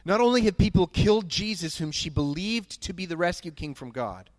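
A man's voice: sits high, lively intonation, fairly quick, no room sound. A man preaching a sermon as pastor, earnest and emphatic, who repeats key phrases.

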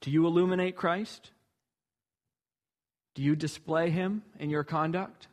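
High-voiced male preacher. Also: steady tone, measured pace. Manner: earnest, emphatic rhetorical questions. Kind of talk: sermon.

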